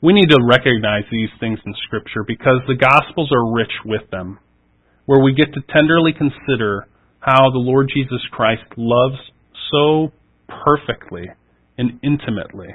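A male preacher of middle pitch reads a passage and then reflects on it. He is earnest and searching, and he swells on the words he stresses before sinking quiet again. The sound is dull and lo-fi, like an old radio broadcast. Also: normal speed. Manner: earnest, reflective, rises with emphasis then drops soft. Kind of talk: scripture reading and sermon.

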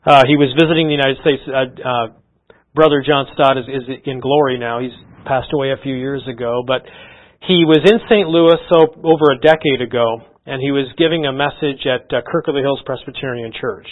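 A man's voice: mid-range voice, brisk. A middle-aged man preaching a sermon in an earnest, conversational way, often restarting his sentences. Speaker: pastor. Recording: slightly dull lo-fi sound.

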